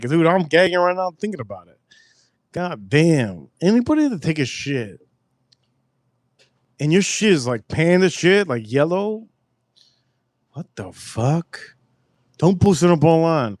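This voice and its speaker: A man hosting a casual livestream, rambling through stories loudly and with lots of swearing. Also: a little high, lively intonation, moderate pace, no echo, studio quality. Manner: rambling storytelling, loud and profane. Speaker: livestream host.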